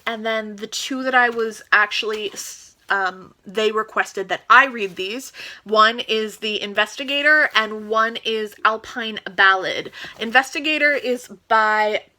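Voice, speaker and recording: A woman's voice: a little high, unhurried, bright, forceful tone. A woman chatting casually as a book vlogger, eager and gushing as she shows off new books. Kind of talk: casual book haul chat.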